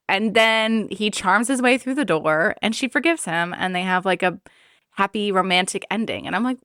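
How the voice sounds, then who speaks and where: A woman's voice: medium pitch, normal speed, clear, resonant tone, dry recording, clean studio sound. A woman co-hosting a podcast, casually retelling film scenes and voicing the characters' lines. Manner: expressive, retells scenes with acted-out quotes. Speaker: podcast co-host.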